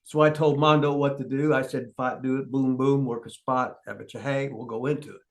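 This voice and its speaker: An older man hosting, telling rough, profane stories and acting out the quotes. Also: medium pitch, fairly even intonation, brisk. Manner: profane, gruff, acts out quotes. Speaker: host, veteran wrestling trainer. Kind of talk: casual storytelling.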